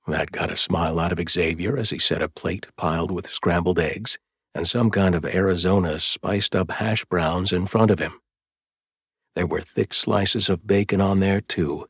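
Deep-voiced husky male narrator. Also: dry recording, clean studio sound. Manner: measured, even storytelling. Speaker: audiobook narrator. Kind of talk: scripted narration.

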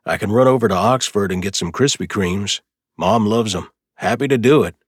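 A man voicing a caring, plainspoken older brother who talks in an easygoing, steady way. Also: fairly low pitch, moderate pace, slightly rough, no room sound, clean studio sound.

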